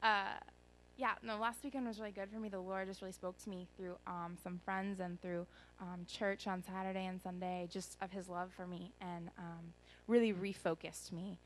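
A woman's voice: mid-range voice, flat delivery, normal speed, a little hiss or hum, low-quality recording. A young woman giving an earnest, rambling personal testimony at a church gathering, full of ums and restarts. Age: young adult.

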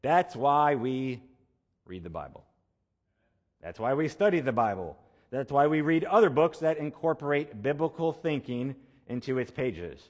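A man's voice: mid-range voice, lively intonation, measured pace, long reverb tail. A male pastor giving a conversational sermon, repeating key phrases for emphasis. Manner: conversational preaching with emphatic repetition.

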